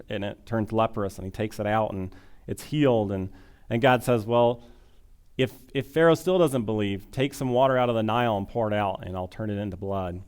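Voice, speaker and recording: A man preaching a sermon, retelling a scripture story in a conversational, animated way and acting out the quotes. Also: fairly low pitch, clean tone. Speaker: pastor.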